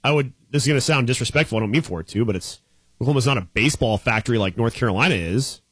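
Husky joking sports radio co-host. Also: male voice, medium pitch, racing, fairly bright tone, dry recording, studio quality. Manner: joking, laughs often, hedging fillers. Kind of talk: casual sports talk radio.

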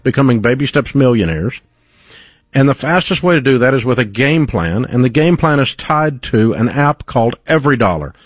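A man hosting a call-in advice show, confident and blunt, pitching with emphasis. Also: no room sound. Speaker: radio show host. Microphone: studio microphone.

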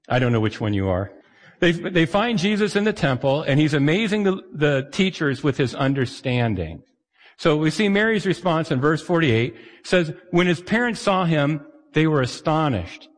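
A man's voice: on the high side, animated, a little fast, long reverb tail. A man preaching a sermon as a pastor, chatty and wry, acting out the voices he quotes.

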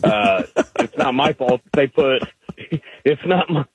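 A man's voice: mid-range voice, lively intonation, takes it slowly, slightly rough, dry recording. A man calling in to a radio talk show, arguing his point persistently. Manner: argumentative, persistent. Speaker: caller. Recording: tinny phone line.

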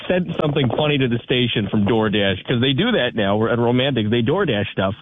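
A man's voice: mid-range voice, animated, fairly quick, no room sound. Male repeat caller, teasing jokes, phone-line sound. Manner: joking, teasing the host. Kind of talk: call-in radio talk.

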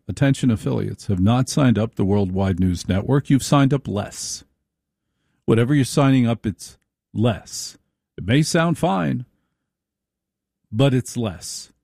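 A man's voice: mid-range voice, vocal fry, dark tone, no echo, studio quality. A middle-aged man hosting a late-night radio talk show, delivering an emphatic, folksy monologue to his listeners.

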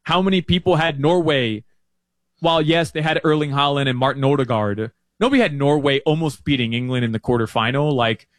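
A man talking through soccer picks in a rambling, animated way, full of fillers and restarts, as a guest on a sports chat show. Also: mid-range voice, a little fast, no echo. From Uruguay fan living in Miami.

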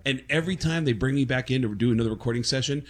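Man, comedian guest, animated storytelling, husky voice. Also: medium pitch, rapid-fire. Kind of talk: casual storytelling interview.

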